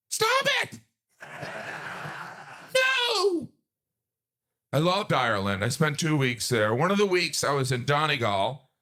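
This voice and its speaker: Animated man doing stand-up. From United States. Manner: animated, self-deprecating, jumps to high outraged acted-out voices. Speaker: stand-up comedian. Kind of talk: stand-up comedy routine.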